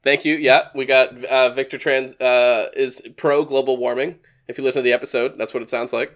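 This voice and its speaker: A man's voice: mid-range voice, flat delivery, a little fast, fairly bright tone. A man hosting a podcast, chatting casually about a movie, laughing often and restarting his sentences. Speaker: podcast host.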